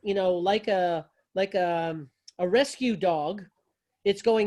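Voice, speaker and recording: A man's voice: high-pitched, a little slow, a little mellow. A man teaching yoga philosophy to a class, talking loosely and conversationally, with folksy phrasing and frequent restarts.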